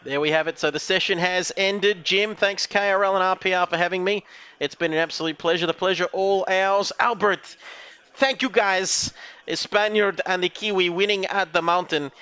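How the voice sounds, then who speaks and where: A man's voice: high-pitched, fairly even intonation, moderate pace, bright, forceful tone, clean tone. A man giving live commentary on a sim race, chatty and jokey, reading out viewer comments as he goes.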